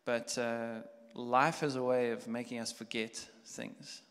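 Man, pastor, chatty sermon, gravelly and bright, reverberant hall. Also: medium pitch, unhurried. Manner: conversational, builds from quiet musing to loud animated storytelling. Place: church hall. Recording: long church hall reverb.

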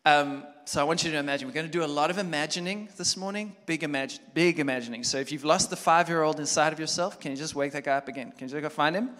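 A man preaching a sermon as a pastor, talking conversationally and building from quiet reflection to loud, animated storytelling. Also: on the high side, quick pace, hardly any pauses. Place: church hall. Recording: long church hall reverb.

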